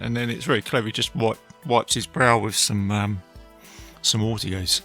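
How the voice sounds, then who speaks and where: A man hosting a podcast, casually retelling a film with animated asides to his listeners. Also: fairly low pitch, fairly quick, creaky, soft background music. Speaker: podcast host reviewing a film. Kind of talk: casual film review talk.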